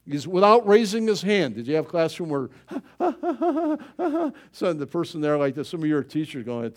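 A male pastor delivers a lively sermon with a voice that leaps up and down in pitch. He sits a little high for a man. He drives points home by getting louder, stumbling now and then over fillers. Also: normal speed, hardly any pauses. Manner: animated preaching, rising for emphasis, many fillers.

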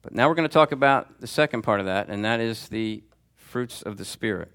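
A man teaching a Sunday school class, talking conversationally and calling on students by name, with lively swings in pitch for emphasis. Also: fairly quick, clean tone. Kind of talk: teaching sermon. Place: church classroom before a group.

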